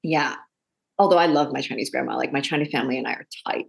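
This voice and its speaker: Low, gravelly-voiced woman telling stories. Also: fast. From Canada. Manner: chatty, animated storytelling with quoted voices. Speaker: actor and director, guest. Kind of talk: casual interview.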